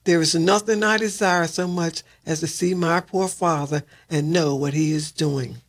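A man's voice: fairly high pitch, steady tone, moderate pace. A man voicing a kind, honest young woman in a storybook read-aloud, reading earnestly.

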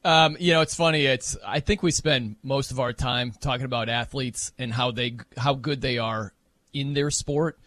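A man hosting a casual sports talk show, chatting with animated energy and breaking into playful mock voices. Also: medium pitch, normal speed, dry recording. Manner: animated, mimics wrestling announcers for laughs.

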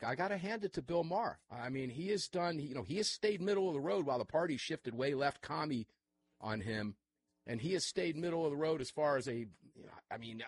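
A man hosting a live talk radio show from his studio, chatty and energetic, with quick asides to his guests. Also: medium pitch, husky. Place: studio full of electronic equipment. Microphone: studio microphone.

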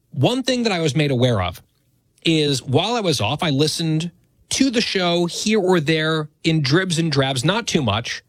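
A male radio host in his thirties talks straight into a studio microphone, his voice very dry and close with no room sound at all. His pitch sits at an ordinary middle level. His manner is conversational and a little self-deprecating. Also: no room sound. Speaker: radio talk show host. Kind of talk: radio talk show monologue.

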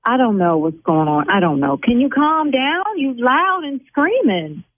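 A woman who owns a beauty salon, arguing with a caller over the phone, indignant and blunt and quick to flare up. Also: on the high side, big pitch swings, no echo. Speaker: salon owner on a phone call. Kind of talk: heated phone argument. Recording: tinny phone line.

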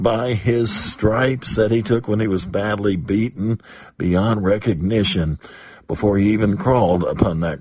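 Male radio preacher, sermon delivery: unhurried, emphatic repetition, slightly low pitch, dry sound. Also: darkish tone, breathy edge, no room sound. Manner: slow, emphatic, repeats phrases for weight.

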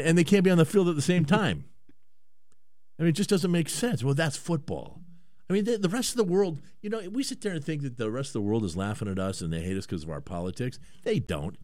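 Animated, rambling talk-radio host. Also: male voice, fairly high pitch, dry recording, studio quality. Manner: animated, rambling, stammers and repeats words. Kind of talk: casual talk radio banter.

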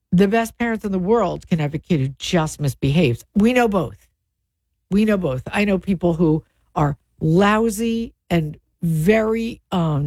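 A middle-aged woman co-hosting a radio talk show, animated and opinionated in her chat. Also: lowish voice, dry recording. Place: radio studio. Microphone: studio microphone.

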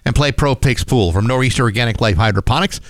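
A man's voice: mid-range voice, fast talker, no room sound. A man co-hosting a morning radio show, chatting casually and reading ads in a loose conversational way. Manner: relaxed, conversational, some restarts. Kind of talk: casual radio banter and live read ads. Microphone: studio microphone.

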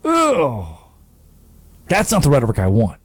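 A man's voice: a little high, sing-song, moderate pace, no room sound. A man hosting a sports radio show, delivering an emphatic, sarcastic monologue at a studio microphone.

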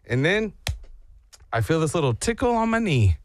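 A man's voice: on the high side, big pitch swings, moderate pace, pauses often, dry recording, faint music behind. A man in his thirties hosting a chat show, telling a story in an exaggerated, self-mocking way and acting out the sounds.

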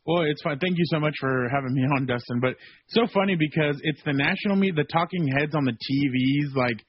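A male sports reporter calling in as a guest on a radio show, talking in a rambling, animated way with many fillers. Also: fairly high pitch, a little fast, breathy edge, no echo. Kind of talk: phone-in radio interview. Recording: dull, dry lo-fi guest line.

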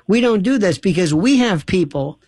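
A man hosting a talk radio show, telling stories in an animated way and acting out the dialogue of the people he quotes. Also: high-pitched, moderate pace, dry recording, studio quality.

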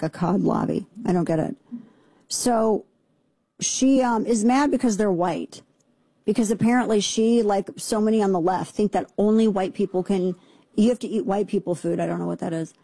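A middle-aged woman hosting a talk radio show, ranting in a fast, sarcastic, indignant way. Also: medium pitch, vocal fry, warm tone, breathy edge, no room sound. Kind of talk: opinionated talk radio monologue. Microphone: studio microphone.

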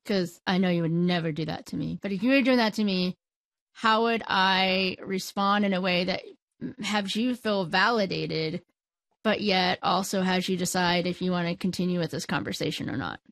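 A woman's voice: on the low side, normal speed, a bit bright, dry recording. A woman co-hosting a conversational discussion, asking questions and responding with engaged interest. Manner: engaged, asks questions, laughs lightly. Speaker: podcast co-host.

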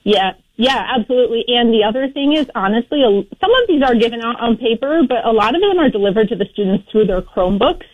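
A woman's voice: on the high side, lively intonation, fast, few pauses, no echo. A woman advocating for parents as a guest on talk radio, explaining earnestly with many fillers. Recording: dry, dull radio broadcast audio.

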